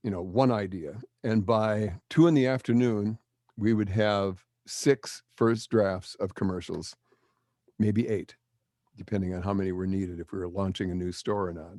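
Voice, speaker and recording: An older man, a veteran broadcaster, telling lively stories in an interview and acting out the quotes. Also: lowish voice, normal speed, no echo, studio quality. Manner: animated storyteller acting out quotes. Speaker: guest, broadcaster. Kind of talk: storytelling interview.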